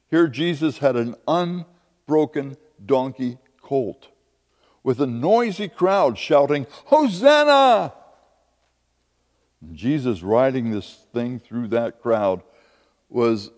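A man's voice: medium pitch, a little mellow, in a large hall. A man preaching a sermon as a pastor, with emphatic, repeated lines.

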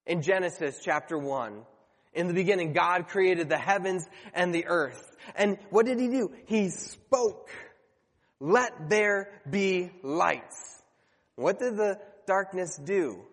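A man's voice: high-pitched, animated, a little slow, big-room sound. A man preaching a sermon to his congregation, earnest and conversational, sometimes stumbling and correcting himself.

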